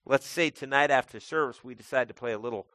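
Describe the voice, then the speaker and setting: A man's voice: mid-range voice, fast, sharp tone, dry recording. A man preaching a sermon as pastor, talking conversationally and calling his listeners folks.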